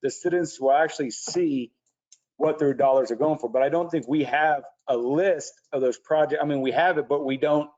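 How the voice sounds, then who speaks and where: A man's voice: on the high side, normal speed, a little mellow. A man, a city commissioner, earnestly laying out his concerns at a public meeting in a city hall commission room. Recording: muffled lo-fi meeting recording.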